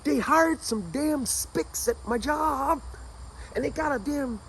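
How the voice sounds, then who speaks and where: A loud, bigoted man whose voice jumps high and strained as he hollers, put on by a storyteller recounting an old TV episode. The pitch swings widely between rants and desperate shouts. Faint outdoor hum sits underneath. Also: very animated, measured pace, full character voice. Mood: ranting. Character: loud bigoted white man, later panicked and pleading.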